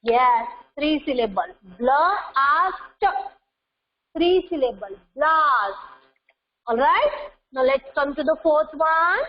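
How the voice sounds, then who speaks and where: A female teacher with an Indian English accent leads a lesson, drilling and repeating each word. Her voice sits high and she speaks slowly and deliberately. The recording is dull and lo-fi. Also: expressive, a little hiss or hum. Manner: repetitive, drills words, mixes Hindi into English. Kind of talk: online class lesson. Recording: dull lo-fi sound.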